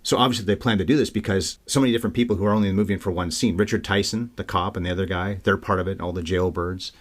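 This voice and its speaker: A man with a lowish voice talks quickly, co-hosting a casual film podcast. His delivery is chatty and animated, running from one scene to the next. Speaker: podcast co-host. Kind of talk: casual film-review chat.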